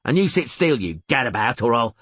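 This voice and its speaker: Reader plays a bad-tempered bounty hunter, barking, raspy edge. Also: male voice, medium pitch, sing-song, a little fast, no room sound, pitched above the performer's own voice. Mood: snarling. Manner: snarling, shouting. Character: surly male trapper, greedy and bad-tempered.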